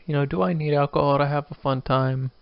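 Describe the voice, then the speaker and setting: Rambling solo on his podcast, a drunk man in his twenties makes fun of himself. He's a fast talker with a somewhat high voice, fairly even intonation and vocal fry. His tone is clear and resonant with no echo, though the sound is lo-fi.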